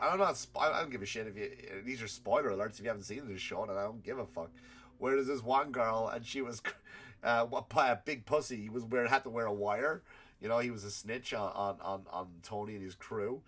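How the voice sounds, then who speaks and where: A male comedian holds forth in a loose, rambling rant, swearing freely and breaking into laughter. He has a cold, and his voice sits at an ordinary middle pitch. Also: fairly bright tone. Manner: rambling, profane, laughing at his own stories. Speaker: comedian and podcast host.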